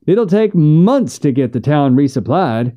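A hesitant frontier townsman hems and stammers through his news, voiced by a man. His tone is mellow and soft-edged, and the recording is slightly dull. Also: a little high, sing-song, unhurried.

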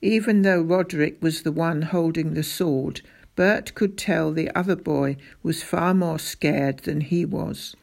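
Female storybook narrator, unhurried and measured, with a gravelly edge. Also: low-pitched, a little mellow. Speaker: audiobook narrator. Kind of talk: scripted narration.

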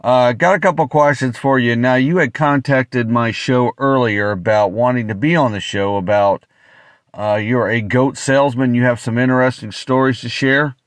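A man hosting a call-in show, asking halting questions padded with fillers. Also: mid-range voice, no echo. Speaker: show host. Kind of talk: casual call-in chat.

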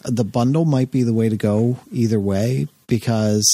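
A man's voice: medium pitch, normal speed, warm tone, no echo. A man hosting a gaming podcast, chatting casually and reading out news items with frequent laughs. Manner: upbeat, reads news items, laughs often. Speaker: podcast host. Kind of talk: casual chat.

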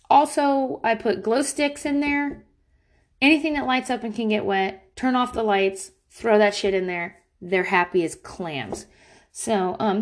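Candid, profane mom chatting casually. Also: female voice. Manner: animated, swinging between high and low. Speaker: podcast host, mother. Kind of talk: casual chat.

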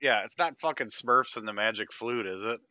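A man's voice: lowish voice, a little fast, pushed and bright. A man co-hosting a podcast, guessing films in a playful way and swearing casually. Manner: playful, swears, laughs easily. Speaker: podcast co-host. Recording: dull, lo-fi dry podcast audio.

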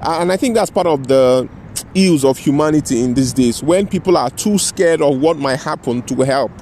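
A man with a slightly higher voice tells a personal story outdoors in a city. He rambles and restarts his sentences, checking in with "you know" and "right?", while faint traffic hums behind him. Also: moderate pace, a little mellow. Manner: restarts and self-corrections mid-sentence. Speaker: vlogger telling a personal story. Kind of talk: casual spoken storytelling.

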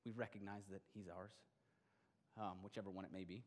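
A middle-aged male pastor delivering a sermon, swinging between loud emphatic bursts and quiet, intimate stretches. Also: sits low, flat delivery, brisk. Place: church sanctuary. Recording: long hall reverb.

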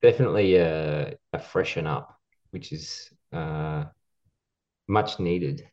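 A man in a casual podcast chat, reacting quickly and with enthusiasm. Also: rumbling low, a little mellow, muffled recording.

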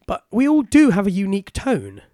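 A man's voice: high-pitched, wildly swooping pitch, a little fast, mellow, dry recording, clean studio sound. A man in his twenties from the UK, co-hosting a podcast in casual chat, inquisitive and laughing often. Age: 20s. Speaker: podcast co-host.

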